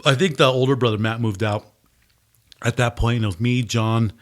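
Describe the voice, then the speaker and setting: A man co-hosting a relaxed podcast chat. His voice sits at an ordinary middle pitch. He tells rambling, playful stories. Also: moderate pace. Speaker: podcast co-host. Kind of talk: casual chat.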